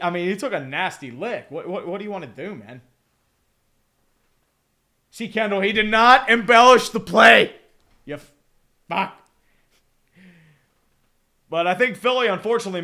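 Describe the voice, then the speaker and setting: A young man giving casual hockey play-by-play, reading chat messages in between with excitable, profane, rambling asides. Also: high-pitched, moderate pace, long pauses. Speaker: streamer doing play-by-play.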